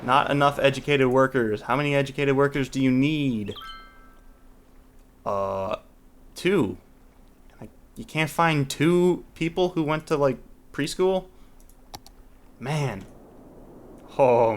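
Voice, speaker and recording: A man's voice: medium pitch, takes it slowly, pauses often. A man hosting a let's play, talking casually as he thinks aloud, restarting sentences and trailing off, with mild exasperation. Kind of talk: casual gameplay commentary.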